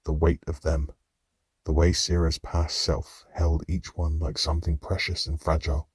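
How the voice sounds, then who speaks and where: Male audiobook narrator, very low husky voice, measured and somber, dry close-miked booth. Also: flat delivery, dry recording. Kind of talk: scripted first-person narration.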